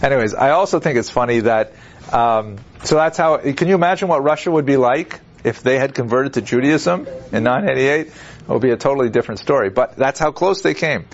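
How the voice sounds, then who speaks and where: A man's voice: medium pitch, brisk. Man lecturing, lo-fi classroom recording. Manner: digressive, conversational, with many fillers and restarts; acts out quoted figures with wry humor. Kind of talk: university lecture.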